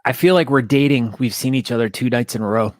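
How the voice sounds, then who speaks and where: A man's voice: mid-range voice, fast, no echo, studio quality. A man co-hosting a podcast in casual chat, teasing and wisecracking at his co-host and guest.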